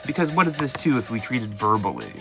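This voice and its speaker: A man's voice: medium pitch, fast, vocal fry, over music. A man hosting a live call-in tarot reading, talking casually and playfully to viewers. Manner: animated, playful, jumps into mock voices. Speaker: tarot reader host.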